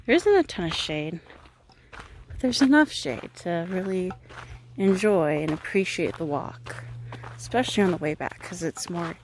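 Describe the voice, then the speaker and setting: A woman's voice: lowish voice, expressive, moderate pace, background noise. A young woman talking casually and swearing freely as she films herself on an outdoor hiking trail, recorded on a handheld camera. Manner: chatty, swears freely, hushed whispering while filming wildlife. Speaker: vlogger.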